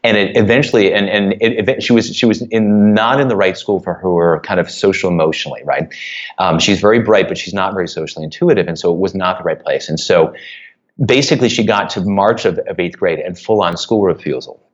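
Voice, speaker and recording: A man's voice: sits low, brisk, highs cut off. A man, an author and guest on a podcast interview, speaking earnestly and getting choked up as he tells a personal story. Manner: earnest, emotional storytelling, choking up.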